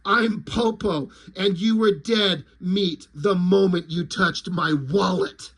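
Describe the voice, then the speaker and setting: A man's voice: sits high, slow, a bit bright, husky, heavily acted. A man voicing a grim, self-serious male vigilante who speaks in overblown tough-guy boasts. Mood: brooding.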